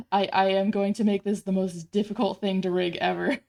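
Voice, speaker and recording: A woman chatting casually on a live stream, her voice carrying a gravelly, creaky edge. She talks in a loose, rambling way, stops and restarts her sentences, and laughs at herself. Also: medium pitch, fairly even intonation, measured pace, darkish tone. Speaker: streamer building her avatar model.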